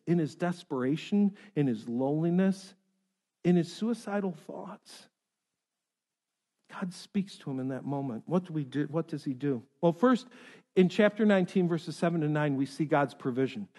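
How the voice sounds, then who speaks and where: A man preaching a sermon as pastor, swinging between loud urgency and hushed softness, with jokey asides to the congregation. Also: fairly high pitch, expressive, unhurried, long pauses, breathy edge. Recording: long reverb of a large hall.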